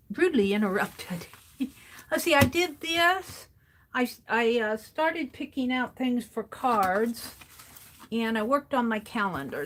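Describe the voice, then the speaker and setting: Woman art streamer, fairly high voice, unhurried, soft-spoken, thinks out loud. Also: a little hiss or hum. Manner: soft-spoken, muses aloud to herself. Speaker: livestream host and artist. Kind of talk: casual chat while drawing.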